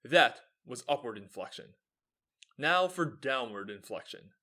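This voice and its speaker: A man's voice: mid-range voice, expressive, unhurried, pushed and bright. A young man with an American accent hosting his own video show, explaining in an upbeat, lecturing way. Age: young adult. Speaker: host. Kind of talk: lively explanatory video talk.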